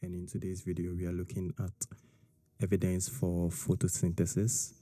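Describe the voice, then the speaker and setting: A man's voice: low-pitched, completely flat delivery, normal speed, mellow, no room sound, studio quality. A man explaining a science lesson step by step, checking in often with "all right?" and "okay?". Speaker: science teacher.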